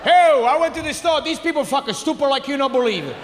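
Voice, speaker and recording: A comedian acting out his hot-headed immigrant dad, talking in blunt broken English. The voice sits high and carries a long hall echo over a faint hiss. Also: brisk, close to an everyday voice. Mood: indignant. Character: comedian's immigrant father, older man, gruff, easily angered. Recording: stage mic in a hall with long reverb, faint noise.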